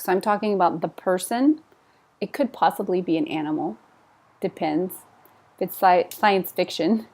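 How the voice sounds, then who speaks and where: A woman teaching English pronunciation, repeating each word slowly and clearly and explaining how the sounds are made. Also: mid-range voice, darkish tone. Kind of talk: slow, clear pronunciation drill.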